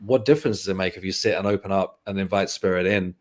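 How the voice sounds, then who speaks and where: Low-voiced man, reflective guest. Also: steady tone, fast talker. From England. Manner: reflective, candid storytelling. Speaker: guest medium. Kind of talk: casual interview chat.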